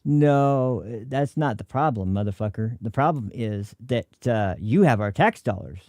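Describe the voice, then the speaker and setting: A man's voice: medium pitch, lively intonation, normal speed, darkish tone, no room sound, clean studio sound. An American man hosting a political livestream, reacting to clips in an angry, profane rant. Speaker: political commentary host.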